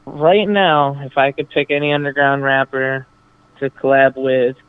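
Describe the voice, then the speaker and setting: A man's voice: mid-range voice, little pitch movement, a little slow, clean tone, no echo. A man being interviewed as a rapper, talking enthusiastically and swearing casually. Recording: dry phone line.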